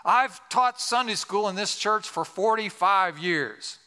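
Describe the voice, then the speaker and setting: A man playing a crusty old male farmer and church boss who makes gruff, emphatic declarations in a raised voice. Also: high-pitched, very animated, a little fast, sharp tone, big-room sound, full character voice. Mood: stern. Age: older.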